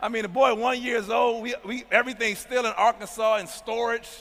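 A man preaches a testimony sermon, often calling on the congregation to answer back. His voice is high and bright with a forceful edge. The sound carries the long reverb of a large hall. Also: steady tone, brisk. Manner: emphatic call-and-response preaching. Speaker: pastor.

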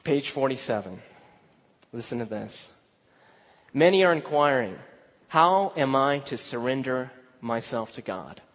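A male pastor preaching a sermon, telling a personal story, dropping to hushed asides and rising to emphatic exclaims. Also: medium pitch, expressive, unhurried, long pauses. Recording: long hall reverb.

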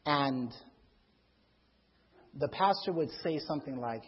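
High, lively-voiced man preaching a testimony. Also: moderate pace, pauses often, slightly rough, big-room sound, lo-fi sound. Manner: animated storyteller, acts out voices, shouts for emphasis. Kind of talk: testimony sermon. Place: church before a live congregation.

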